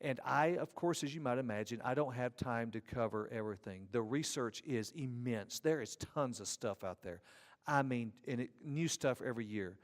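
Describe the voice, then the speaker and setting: A man's voice: medium pitch, moderate pace. A man with a drawling Southern Georgia accent lectures in a middle-register voice, mixing teaching with folksy joking asides. His voice carries a long reverb, as if from a large church auditorium. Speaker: conference speaker, ethics teacher. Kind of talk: conference lecture. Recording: reverberant hall.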